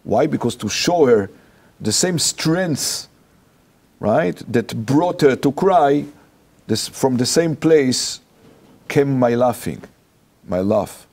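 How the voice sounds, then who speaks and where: A man with an Israeli accent, a rabbi and interview guest, telling a personal anecdote in animated, halting, non-native English. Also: mid-range voice.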